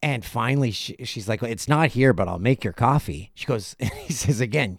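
A middle-aged man hosting a podcast, telling a casual story and acting out other people's lines in quick asides. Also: medium pitch, lively intonation, gravelly. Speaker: podcast host.

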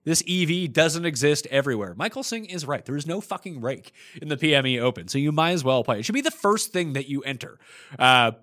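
A man's voice: fairly high pitch, animated, brisk, fairly bright tone. A man hosting a podcast in casual chat, answering listener questions one after another in a blunt, profane way. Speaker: podcast host.

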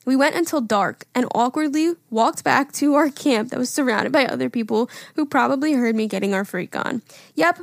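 A woman's voice: high-pitched, normal speed, creaky, no echo, clean studio sound. A woman co-hosting a casual podcast, reading listener stories aloud in a blunt manner, swearing freely. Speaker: podcast co-host.

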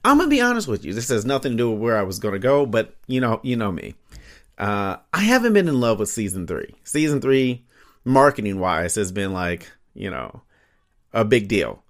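A man's voice: fairly low pitch, moderate pace. A man hosting his own podcast alone, talking casually into a home microphone, laughing often and filling his talk with asides. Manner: laughing often, animated, lots of fillers and asides. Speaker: podcast host. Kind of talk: casual solo podcast monologue.

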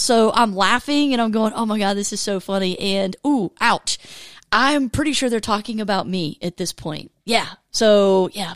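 A woman's voice: medium pitch, smooth, dry recording. A woman in her late forties with a lilt chats her way through a faith podcast. She tells stories with lots of energy and laughs easily. Her voice is close and dry, with no room sound around it. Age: 40s. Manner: chatty, laughs often, animated storytelling. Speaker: podcast host. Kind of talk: casual faith podcast chat.

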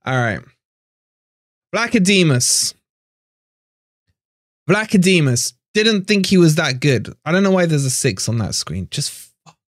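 A man's voice: on the high side, expressive, unhurried, long pauses, dry recording, clean studio sound. A man hosting a fan channel live stream, ranting in frustration, swearing and repeating himself.

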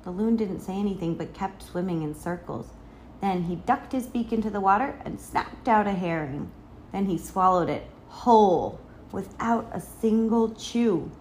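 A woman reading a children's picture book aloud in an expressive storytelling manner. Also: medium pitch, moderate pace, a little hiss or hum. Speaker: reader.

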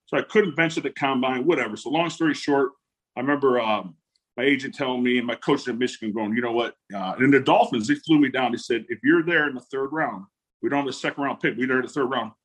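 At medium pitch and a quick pace, his fairly bright tone carries a breathy edge. He's a former football player in his forties, telling stories animatedly in a casual interview, voicing quotes and breaking into laughter often.

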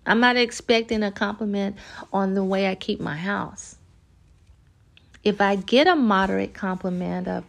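A woman hosts a casual podcast in a relaxed, conversational way, with a gravelly fry running through her voice. She talks straight to the listener and slips into short acted-out scenes to make her point. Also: medium pitch, normal speed. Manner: conversational, animated, acts out little scenes. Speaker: podcast host. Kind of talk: casual podcast monologue giving dating advice.

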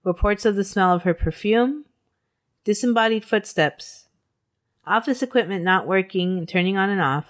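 A woman's voice: mid-range voice, normal speed. A woman co-hosting a podcast, telling a true-crime story in a casual way, with swearing and laughter. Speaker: podcast co-host.

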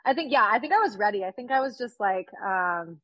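A woman's voice: medium pitch, expressive, brisk, sharp tone, no echo, low-quality recording. A woman in her thirties from California, chatting upbeat and casually as a podcast guest, with lots of fillers. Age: 30s.

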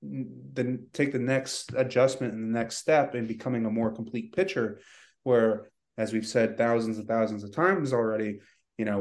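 A man's voice: medium pitch, darkish tone. A man co-hosting a sports podcast, talking in a rambling, frustrated way with many "you know"s. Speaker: podcast co-host. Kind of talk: casual sports chat.

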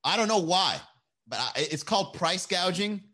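A man's voice: high voice, lively intonation, moderate pace, bright, forceful tone. A man hosting a casual live stream, rambling, joking and swearing, and laughing often between lines.

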